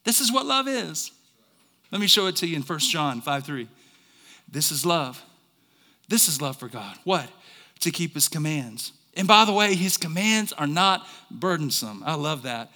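A man preaching a sermon as a pastor, swinging from quiet talk to shouts and asking the congregation questions. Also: on the high side, animated, moderate pace, big-room sound. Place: church service.

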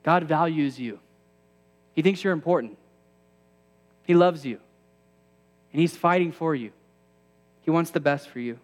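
A man's voice: a little high, a little slow, pauses often, big-room sound. A man in his thirties preaching a sermon to a campus ministry, conversational with self-deprecating asides that build to emphatic peaks.

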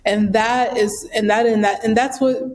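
A woman's voice: fairly high pitch, moderate pace, low-quality recording. Chatty young woman telling a story. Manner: animated, chatty storyteller with lots of fillers. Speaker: guest, bag brand founder. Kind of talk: casual storytelling interview.

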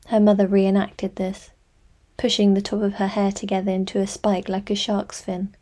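A woman reading a novel aloud in measured, scripted narration. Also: mid-range voice, monotone, mellow. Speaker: audiobook narrator.

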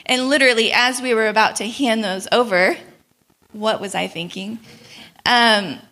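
A young woman telling a travel story in a sermon, animated and laughing often as she acts out the people in it. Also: medium pitch, measured pace. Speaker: speaker at a church gathering.

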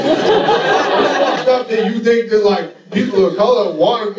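High-voiced man telling a rambling story. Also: lively intonation, unhurried, heavy background noise. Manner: laid-back, profane, rambling street talk. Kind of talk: live comic storytelling. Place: stage before a laughing audience. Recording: echoey room from a distant mic. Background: crowd laughter.

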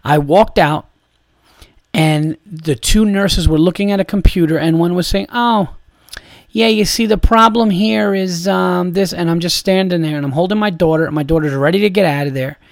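A man's voice: a little high, fairly quick, darkish tone, dry recording, studio quality. A young adult man hosting a podcast, ranting in an exasperated, profane, repetitive way. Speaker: podcast host. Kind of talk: casual ranting monologue.

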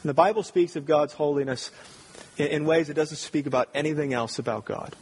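A man preaching a sermon with strong emphasis, swinging from loud, ringing peaks down to low, quiet stretches. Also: fairly quick, slight background noise. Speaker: pastor.

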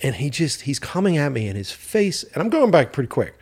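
A man's voice: on the high side, fairly quick, breathy edge. A man hosting a podcast, telling stories in casual chat, swearing freely and playing up mock outrage. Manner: animated storyteller, swears freely, mock-indignant. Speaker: podcast host.

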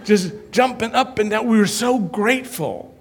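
Male preacher, lively comic storyteller, slightly high voice, long hall reverb. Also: moderate pace, creaky, breathy edge. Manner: animated, self-mocking storyteller. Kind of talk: humorous storytelling sermon.

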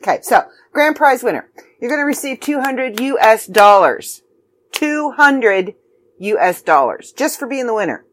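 Woman from Canada, middle-aged, casual promo chat, lively swinging pitch, self-deprecating asides. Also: slight background noise. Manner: chatty and self-deprecating, quick emphatic asides. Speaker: magazine editor and contest promoter. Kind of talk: casual video announcement.

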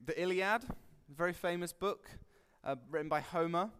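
A man's voice: high voice, moderate pace, clean tone. Man preaching in a reverberant hall. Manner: conversational, humorous, acts out quotes with sudden loud bursts. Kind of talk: relaxed sermon teaching.

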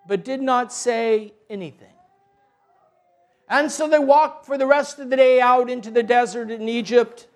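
A man telling a religious story in a slow, deliberate, gentle way. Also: very high voice.

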